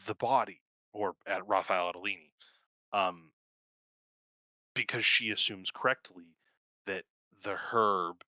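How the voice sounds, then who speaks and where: Young male co-host, low pitch and bright, forceful tone, rambling and profane, laughs often. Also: no room sound. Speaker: podcast co-host. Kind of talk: casual film review chat.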